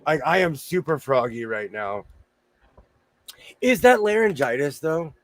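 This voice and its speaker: A man hosting a casual chat, telling stories loudly while his voice is going hoarse. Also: a little high, measured pace, no echo. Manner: loud, animated storyteller. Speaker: host. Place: home sewing room.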